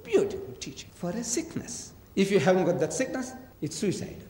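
A man's voice: high-pitched, wildly swooping pitch, a little fast, dark tone. A man giving a public lecture on religion, emphatic and full of rhetorical questions, acting out the voices in his stories. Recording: echoey hall reverb.

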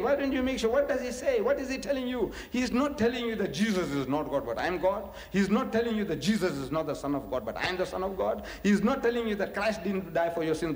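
Animated man preaching in echoey hall. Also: high voice. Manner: animated, rhetorical questions, chuckles often. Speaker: religious lecturer. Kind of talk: preaching lecture to an audience.

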